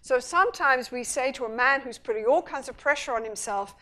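A woman's voice: high-pitched, a little fast. A middle-aged woman, a couples therapist, giving a public talk and bringing her points to life by acting out bits of dialogue. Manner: animated storytelling, acting out dialogue. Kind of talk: public lecture.

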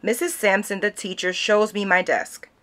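A woman reading a children's picture book aloud, narrating in an expressive storytelling manner. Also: mid-range voice, normal speed.

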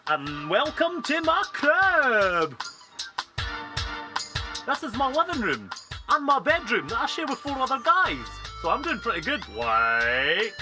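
An actor with a Scottish accent playing a cocky, daft young tank soldier in a comedy series, chatty and playful. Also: male voice, extremely high pitch, heavily acted. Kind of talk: sitcom acting.

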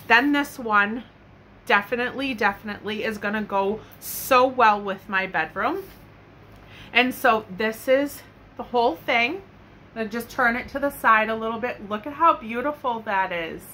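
A young woman with a bright, fairly high voice gushes over her finds in a casual home vlog. She talks in an enthusiastic, chatty way, full of loves and likes. The recording is made on a camera mic in her bedroom, with a faint hum of room ambience behind her. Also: normal speed. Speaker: haul vlogger. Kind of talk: casual product show-and-tell.

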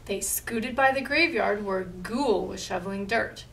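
A woman reading a picture book aloud at a library storytime, slow and expressive. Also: medium pitch, gravelly, far from the mic, rough recording.

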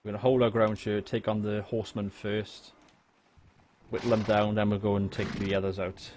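Speaking in a lowish, level voice at a moderate pace, a young man from Wales streams a strategy game. He's chatty, swears, and jokes with chat, with faint background noise in the recording.

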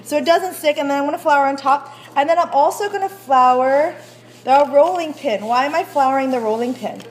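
A woman teacher with a high voice speaks at normal speed while leading a baking demonstration in a school classroom kitchen. She's chatty and often checks that students are following, and she gets out of breath rolling dough. The phone recording carries a little hiss or hum.

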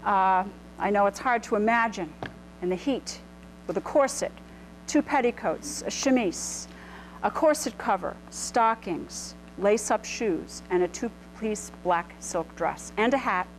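A woman's voice: mid-range voice, measured pace, a little hiss or hum, poor audio. Middle-aged woman giving a chatty lecture. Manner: chatty, many ums and restarts. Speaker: clothing history presenter. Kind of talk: informal illustrated lecture. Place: lecture room with live audience.

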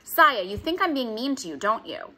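A woman reading aloud, voicing a stern middle-aged female schoolteacher who speaks in a firm, measured way. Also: a little high, sing-song, pushed and bright, full character voice.

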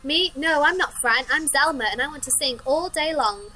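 A woman's voice: sits high, animated, normal speed, bright, forceful tone, soft background music, low-quality recording. Woman as Zelma, a cheerful singing root. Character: cheerful little female root who loves singing.

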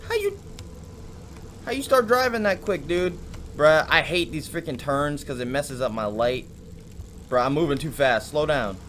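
A young man hosting a let's play, jumpy and shouting when startled, then taunting with slangy mock bravado. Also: on the high side, expressive, normal speed, pauses often, a little hiss or hum. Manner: mock-brave taunting and slangy banter with viewers. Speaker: gaming video host.

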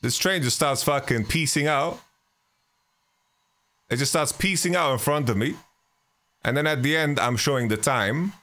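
A man's voice: medium pitch, moderate pace, pauses often, sharp tone. Rambling, swearing male podcast host. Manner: rambling, profane, lots of restarts and "you know". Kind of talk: casual storytelling podcast.

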